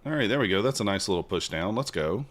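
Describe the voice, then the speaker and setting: A man with a lowish, expressive voice streams his live futures trades at a quick pace. He's chatty and casual with viewers, joking with chat, bantering, and hyping his trades.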